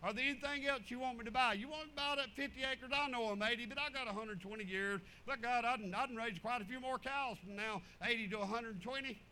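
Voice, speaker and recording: A man preaching, telling folksy stories in an animated, drawling way. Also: extremely high pitch, fast talker, few pauses, a little hiss or hum, low-quality recording. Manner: animated, drawling storyteller with chuckles. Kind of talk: folksy sermon storytelling.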